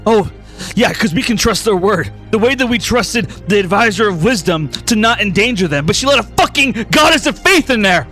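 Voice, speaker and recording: A man voicing a desperate young man who pleads and shouts to reach the woman he loves. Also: a little high, expressive, moderate pace, soft background music. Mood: frantic.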